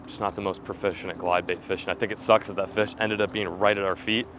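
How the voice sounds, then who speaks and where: A young man hosting a fishing vlog from a rocky riverbank, chatting casually and breaking into excited shouts when fish show up. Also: deep voice, fast, background noise. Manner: excitable, bursts into loud yelling when fish appear. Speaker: fishing video host. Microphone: camera mic, filmed by a camera operator.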